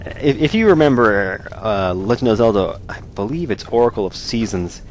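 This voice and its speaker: A man's voice: lowish voice, animated, normal speed, a little hiss or hum. A man hosting a let's play, giving jokey, sarcastic commentary while he plays. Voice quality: jokey, sarcastic, laughs often. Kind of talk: joking gameplay commentary.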